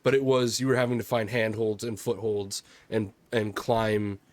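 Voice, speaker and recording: Male gm, young adult, lowish voice, halting delivery full of ums and chuckles. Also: flat delivery. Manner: halting, many fillers, laughs often. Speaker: game master. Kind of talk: narrating a tabletop game.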